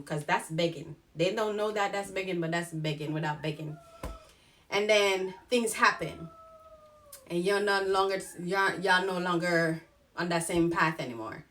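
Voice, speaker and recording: A young woman talking candidly to camera in a personal vlog, frank and animated, about her own life. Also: on the low side, moderate pace, slight background noise. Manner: frank, animated, mimics others in quoted asides. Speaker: vlogger.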